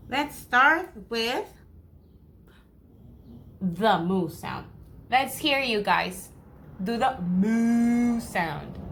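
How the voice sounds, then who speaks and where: A woman teacher reading a picture book aloud to first graders, slow and encouraging, acting out each sound. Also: on the high side, a bit bright, a little hiss or hum.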